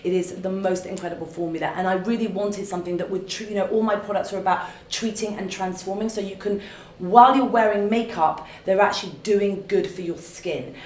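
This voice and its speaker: A woman's voice: mid-range voice, fairly even intonation, fairly quick, a little mellow, slight background noise. A woman, gushing and effusive as she answers fan questions in a live makeup demonstration from an office. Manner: gushing and effusive, full of fillers and restarts. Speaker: beauty brand founder answering fan questions. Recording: roomy echo.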